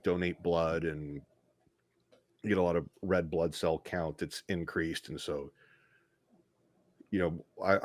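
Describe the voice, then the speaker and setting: Low-voiced rambling male podcast guest. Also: no echo, studio quality. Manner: rambling, self-deprecating, frequent restarts. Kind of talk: casual interview storytelling.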